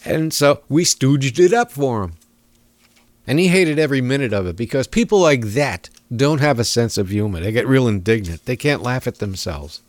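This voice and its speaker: A male talk radio host rants with sarcasm, chuckling often as he rambles along. His pitch swings in a lively way. The sound is dry and close. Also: moderate pace, dry recording.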